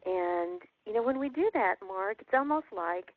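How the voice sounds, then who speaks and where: Female co-host, motivational and emphatic, middle pitch, phone-line audio. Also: expressive, moderate pace, no room sound. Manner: earnest, emphatic, repeats words when stirred. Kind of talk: motivational talk. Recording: tinny dry phone line.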